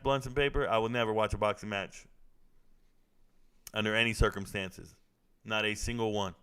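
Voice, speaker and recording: With a lowish, clean and slightly bright voice, a young man comments casually on a fight during a live stream, joking and chatting loosely with viewers. He keeps a moderate pace and pauses often.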